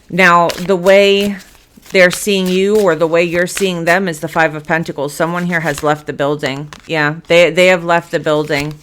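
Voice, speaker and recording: A woman's voice: lowish voice, little pitch movement, moderate pace, a bit bright, a little hiss or hum. A woman giving a blunt, emphatic tarot reading, cursing freely as she speaks to her viewers. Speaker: tarot reader.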